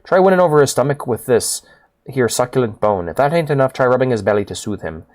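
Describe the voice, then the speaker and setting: A man voicing a shifty animal smuggler who talks roughly and colloquially, reading game quest dialogue aloud. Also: mid-range voice, animated, quick pace, darkish tone, close to an everyday voice. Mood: furtive. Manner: rough colloquial talk, says 'me' for 'my'.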